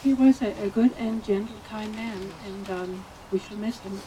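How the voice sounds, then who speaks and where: A woman speaking at a memorial about a friend and tenant, halting and hesitant with fillers. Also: mid-range voice, a crowd in the background, poor audio. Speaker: friend giving a eulogy. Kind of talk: memorial speech.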